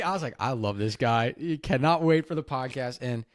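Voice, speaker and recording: A man hosting a podcast, telling a story in an animated, enthusiastic way. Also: medium pitch, normal speed, dry recording. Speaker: podcast host. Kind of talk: casual podcast chat.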